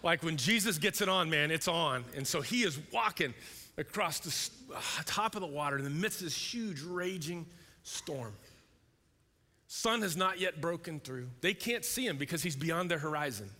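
A male pastor preaching a sermon in a conversational, animated way, sometimes acting out voices. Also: fairly high pitch, moderate pace. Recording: long hall reverb.

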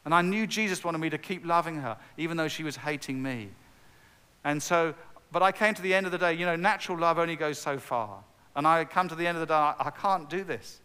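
A middle-aged male preacher with a smooth, resonant voice gives an earnest testimony. He repeats himself and builds to emphatic peaks. His words ring out with a long reverb in a large hall. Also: on the high side, fairly quick, pushed and bright. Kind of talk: sermon.

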